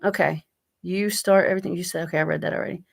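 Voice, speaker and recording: Woman, middle-aged, lowish voice, blunt and chatty, casual kitchen livestream. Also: steady tone, fast, gravelly. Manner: chatty and blunt, swears freely, reads viewer comments aloud. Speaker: livestream host. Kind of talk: casual chat while cooking. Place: home kitchen.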